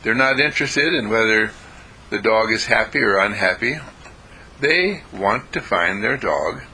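A man giving a short daily inspirational talk as a university dean, telling a story, often chuckling and clearing his throat. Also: medium pitch, pushed and bright, slight background noise, poor audio.

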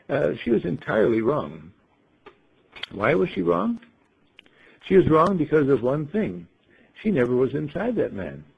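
A man leading a group in a folksy storytelling talk, asking rhetorical questions and often clearing his throat. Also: medium pitch, lo-fi sound. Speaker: group leader telling a story.

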